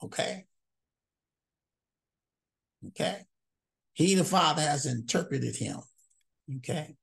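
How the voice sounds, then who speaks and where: Husky, gravelly-voiced male Bible teacher. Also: on the high side, lively intonation, takes it slowly, a bit bright. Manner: conversational, frequent "okay?" check-ins, repeats words. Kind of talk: casual verse-by-verse Bible teaching.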